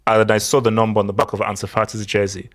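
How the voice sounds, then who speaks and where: A young man co-hosting a casual football chat show, animated and laughing, often repeating himself. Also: on the low side, fast. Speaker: podcast co-host.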